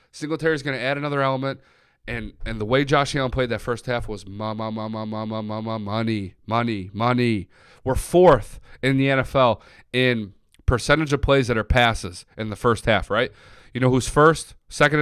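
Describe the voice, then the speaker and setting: A young man hosting a sports podcast livestream, excitably swearing as he rattles off team stats and reads chat. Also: mid-range voice, no room sound, studio quality. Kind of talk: solo sports talk livestream.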